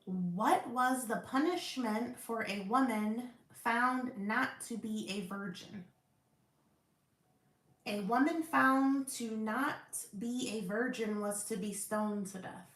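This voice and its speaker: Slow, careful woman reading scripture, roomy echo. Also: on the high side. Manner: careful, deliberate reading with occasional stumbles and apologies. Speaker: Bible study host. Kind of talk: reading scripture aloud and quiz review.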